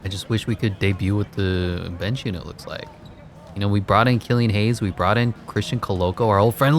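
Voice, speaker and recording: A man giving casual, excitable commentary over his own gameplay, laughing at the game and mocking himself. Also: a little fast, a little hiss or hum. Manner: excitable, voice jumps high when hyped. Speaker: gaming commentator.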